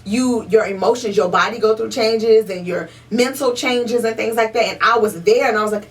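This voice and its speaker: A young woman with a somewhat high voice co-hosts a podcast in loose, heated chat. She swears freely and hammers her points home through repetition. She sits a little back from the mic, so the sound is slightly distant. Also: moderate pace, hardly any pauses. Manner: emphatic and profane, repeats points for stress. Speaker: podcast co-host. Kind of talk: casual chat. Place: podcast room.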